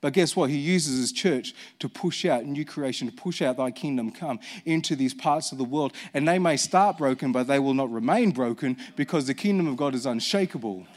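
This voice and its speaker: A man's voice: medium pitch, brisk, few pauses, a little mellow. A man preaching a sermon as senior pastor, conversational and full of rhetorical questions to the congregation.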